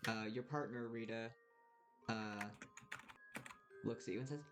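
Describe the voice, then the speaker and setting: A man narrating as game master of a tabletop role-playing game, relaxed, with many pauses and fillers. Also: medium pitch, music in the background. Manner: relaxed, many ums and uhs.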